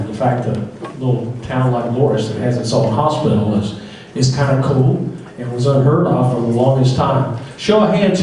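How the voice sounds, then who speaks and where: A man's voice: medium pitch, mellow, far from the mic. Folksy man emceeing in an echoey hall. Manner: folksy, joking, upbeat. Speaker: master of ceremonies. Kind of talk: emcee banquet speech with a told joke. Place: banquet hall. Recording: echoey banquet hall, mic heard from afar.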